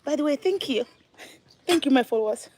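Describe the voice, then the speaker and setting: A woman filming a family vlog at home, talking to her young sons and her followers in a lively, encouraging way. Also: high voice, brisk, a little hiss or hum. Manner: animated, coaxing and praising her young sons. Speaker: vlogger and mother. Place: home, at a breakfast table.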